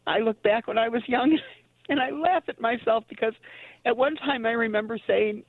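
A woman's voice: on the high side, normal speed, no room sound. A woman calling in to a radio show, talking emotionally and gushing, with frequent laughter. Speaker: caller. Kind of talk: call-in radio chat. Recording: dull dry phone-line sound.

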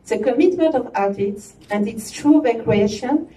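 A woman's voice: fairly high pitch, lively intonation, normal speed, warm tone. A woman with a French accent, chairperson of an arts organization, gives a formal opening speech with chatty asides and restarts. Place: gallery opening event. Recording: echoey room from far off.

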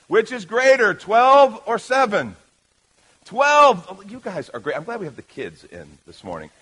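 A male pastor delivers a sermon in a high-pitched voice. He is lively and playful with the congregation, shifting from loud calls to soft, quiet asides. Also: poor audio.

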